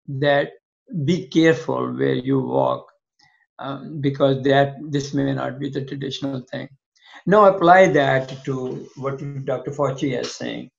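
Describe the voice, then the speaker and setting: Gravelly older man telling a story. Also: mid-range voice. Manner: animated storyteller acting out both sides of old conversations. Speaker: physician guest. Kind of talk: interview storytelling. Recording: dull lo-fi sound.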